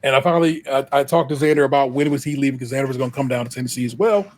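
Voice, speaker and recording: A young man hosting a podcast, retelling a frustrating episode in an animated, exasperated casual way. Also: mid-range voice, very fast. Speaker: podcast host. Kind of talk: casual storytelling chat.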